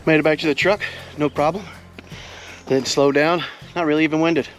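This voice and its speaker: A man's voice: a little high, normal speed, soft background music. A man chatting casually to the camera as an outdoor vlogger, joking and talking viewers through his day. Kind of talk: casual vlog narration.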